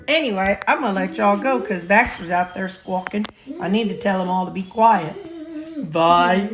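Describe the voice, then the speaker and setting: A woman's voice: mid-range voice, moderate pace, roomy sound, crowd noise. A woman with a Missouri accent, chatting casually and rambling folksy as she vlogs from her home kitchen. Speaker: vlogger. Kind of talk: casual chat.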